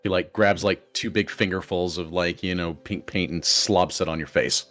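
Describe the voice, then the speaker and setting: A man's voice: low voice, fairly even intonation, moderate pace, fairly bright tone. A man narrating as game master in a loose, filler-heavy storytelling manner. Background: faint ambient music.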